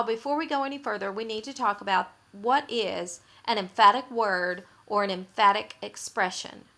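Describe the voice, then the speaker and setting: A woman teaches a grammar lesson in a bright, slightly high voice. She speaks slowly and patiently, restating each point so it sinks in. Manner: patient, explanatory, repeats points for emphasis. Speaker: writing teacher. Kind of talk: explaining grammar rules in a recorded lesson.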